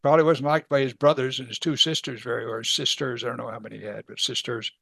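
A man's voice: medium pitch, fairly even intonation, fast, gravelly, fairly bright tone, husky, dry recording. A middle-aged man teaching a Bible passage in a folksy, conversational way, chuckling and acting out the people in the story. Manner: folksy, chuckles, acts out voices.

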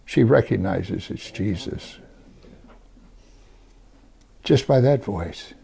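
A man with a gravelly, creaky voice preaches a sermon. He reads scripture and then comments on it, sometimes sinking to a soft, hushed tone to press a point home. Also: fairly low pitch, expressive, slow pace.

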